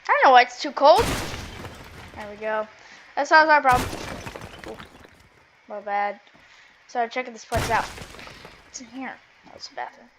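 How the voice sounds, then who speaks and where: A woman giving casual commentary on her own gameplay, talking to herself and bursting into excited yelling. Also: fairly high pitch, moderate pace, pauses often, noisy background. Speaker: gameplay streamer.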